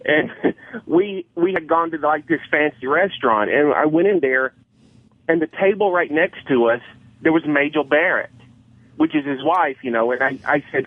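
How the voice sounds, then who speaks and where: A man's voice: fairly high pitch, very animated, normal speed, dry recording. A man calling in to a radio show, telling a rambling, hesitant story. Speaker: caller. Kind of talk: telling an anecdote on the phone. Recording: tinny phone line with faint music.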